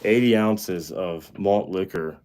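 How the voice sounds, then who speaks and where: A man in his thirties hosting a casual live-stream chat, talking bluntly with plenty of swearing and excitable outbursts. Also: low voice, slow pace. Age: 30s. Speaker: show host.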